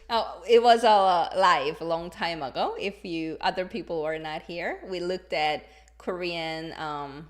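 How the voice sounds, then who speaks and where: A woman teaching a live-streamed language lesson in a playful, expressive way, exaggerating her examples to show intonation. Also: medium pitch.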